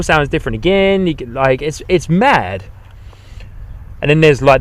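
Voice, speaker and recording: A man gives live commentary from outdoors at an airport. His voice sits at a middling pitch for a man. His chat is loose and rambling, and his tone stays relaxed and friendly. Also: moderate pace. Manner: chatty, rambling, easygoing. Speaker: livestream host. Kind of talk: live plane-spotting commentary.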